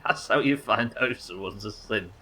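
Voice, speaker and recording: A man's voice: on the low side, normal speed, pushed and bright, slightly rough. A man, chatting casually as he streams a video game live. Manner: casual, chatty, laughs often. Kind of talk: live gameplay commentary.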